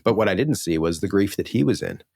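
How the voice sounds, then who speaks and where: Deep-voiced earnest male coach. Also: animated, fast talker, vocal fry, darkish tone, no echo, clean studio sound. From New Orleans, Louisiana. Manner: earnest, emphatic, swears freely. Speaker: relationship coach guest. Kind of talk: podcast interview.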